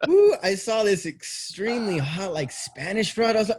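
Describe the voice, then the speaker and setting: Podcast host, Texan man, crude joker, slightly high voice. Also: sing-song, moderate pace, few pauses, breathy edge. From Texas. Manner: crude, joking, teasing. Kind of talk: casual chat.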